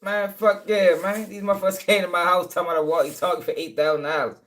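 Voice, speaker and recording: A man's voice: sits high, little pitch movement, fast talker, a bit bright. A man telling a long, rambling story in casual talk, full of swearing and check-ins with his listeners. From Baltimore, USA.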